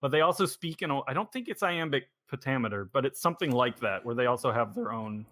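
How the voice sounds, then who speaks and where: A man's voice: medium pitch, animated, fast talker, fairly bright tone, no room sound. Rambling man hosting a podcast, dry sound. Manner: rambling, thinking aloud. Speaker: podcast host. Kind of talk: casual podcast chat.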